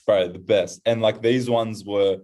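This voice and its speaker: A young man with an Australian accent, a podcast guest, telling a story casually and putting on high voices when he quotes others. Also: measured pace. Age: young adult. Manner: animated, acts out quoted voices in high pitch.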